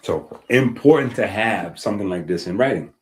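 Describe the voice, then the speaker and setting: A man's voice: fairly low pitch, animated, moderate pace, a little mellow. A man giving a casual, emphatic health-talk monologue, reading passages aloud and often checking in with "right?". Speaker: health streamer.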